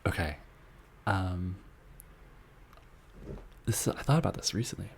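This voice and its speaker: A man with a deep, gravelly voice talks softly in an ASMR live chat. He rambles in a tender, earnest way and sometimes drops into a whisper while he answers his viewers. A faint hiss sits under his voice. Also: animated, slow pace. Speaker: ASMR channel host reading viewer messages.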